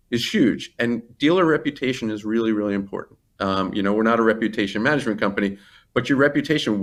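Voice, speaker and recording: A man in a business interview, talking about his company in a rambling, enthusiastic way with many asides and restarts. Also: lowish voice. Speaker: company CEO, interview guest.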